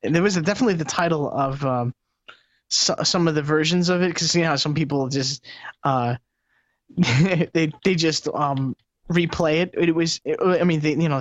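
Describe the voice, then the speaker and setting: A man's voice: fairly high pitch, no room sound. Guy cohosting a tech chat, rambly and laughy, muffled lo-fi stream sound. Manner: rambling, laughing, animated storytelling. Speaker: co-host. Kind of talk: casual tech talk chat. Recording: dull lo-fi live stream audio.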